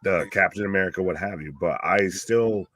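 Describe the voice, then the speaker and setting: A man with a fairly low voice, co-hosting a wrestling watch-along stream in loose, joking chat. His jabs come out sarcastic, and the sound is close and dry with no room around it. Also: fairly quick, fairly bright tone, no room sound. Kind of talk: casual chat.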